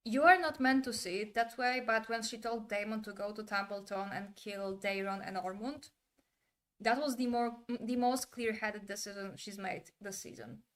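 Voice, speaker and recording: A woman with a middling pitch, steady tone and normal speed chats loosely with her stream chat in casual livestream commentary. She's opinionated and blunt, throwing in the odd swear word.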